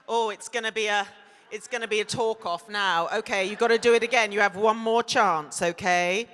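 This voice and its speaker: A woman on a convention panel stage answering fan questions in a playful, laughing, quick-witted way. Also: medium pitch, a bit bright. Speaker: actor guest on a convention panel. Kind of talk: lively panel Q&A. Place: large convention hall stage. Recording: echoey convention hall with audience.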